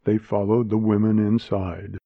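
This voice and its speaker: A man reads a story aloud in a slow, measured voice that sits low. The sound is thin and tinny like a phone line, and dry with no room around it. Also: level tone, vocal fry, dry recording. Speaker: narrator. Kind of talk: audiobook reading.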